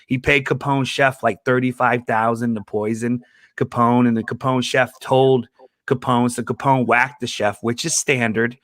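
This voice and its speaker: A man telling a story as a comedian guest, animated, laughing often and acting out the people he quotes. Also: medium pitch, normal speed, dry recording. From Chicago. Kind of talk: casual storytelling in an interview.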